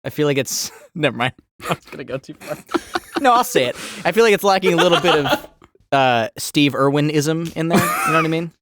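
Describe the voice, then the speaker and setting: A man's voice: fairly high pitch, lively intonation, brisk, pauses often, noisy background. A man co-hosting a casual comedy podcast, joking around and laughing often. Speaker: podcast co-host.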